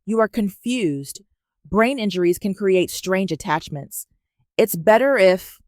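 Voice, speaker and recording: A woman voicing a poised, wealthy older mother who speaks softly and quietly condescends. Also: medium pitch, expressive, measured pace, dry recording, clean studio sound, lightly acted. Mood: gently dismissive. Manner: soft, honeyed and quietly condescending.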